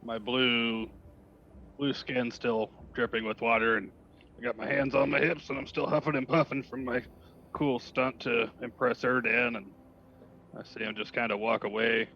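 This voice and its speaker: A man's voice: medium pitch, level tone, moderate pace. A man describes what his character does in a tabletop game, in a casual, rambling way. The recording is dull and lo-fi, with a faint hiss. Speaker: player. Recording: lo-fi with faint noise.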